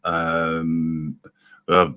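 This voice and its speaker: A man with a low voice hosting a relaxed live stream over a video call. His speech is halting, full of fillers and restarts. He speaks in an easy, conversational tone. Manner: hesitant, many fillers and restarts. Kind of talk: casual chat.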